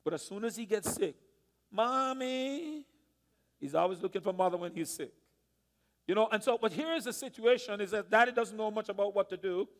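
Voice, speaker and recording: A man preaching in a church, his voice sitting very high for a man. He tells a story dramatically, swinging from hushed lines to loud ones. A long reverb trails every phrase. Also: fast talker. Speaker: pastor. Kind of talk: sermon. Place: church sanctuary.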